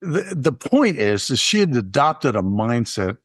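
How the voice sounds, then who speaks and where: A man's voice: medium pitch, big pitch swings, a little slow, husky, dry recording. Guy cohost rambling thru a story, lots of uhs, dry close sound. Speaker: podcast co-host. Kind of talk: conversational storytelling.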